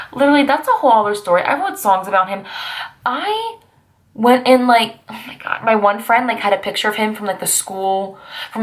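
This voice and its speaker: A young woman in her twenties rambles through old memories in a confessional vlog. She talks casually, with a gravelly fry in her voice and sassy little asides. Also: medium pitch. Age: 20s. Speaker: vlogger.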